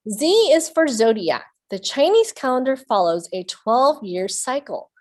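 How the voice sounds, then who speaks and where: Slow, lively woman reading to kids. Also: a little high. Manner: slow, lively storytime voice, playful animal sounds. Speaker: children's librarian. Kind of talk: children's storytime reading.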